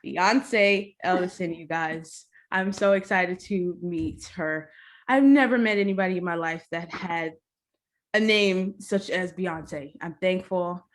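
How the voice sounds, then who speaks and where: A woman's voice: lowish voice, takes it slowly. Bubbly young woman podcast host. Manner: bubbly, says she is nervous and excited. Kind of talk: casual interview chat.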